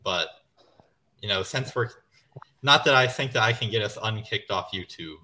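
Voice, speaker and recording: A man's voice: lowish voice, moderate pace, sharp tone, slight background noise, poor audio. A man giving wry, pointed remarks in a casual political chat.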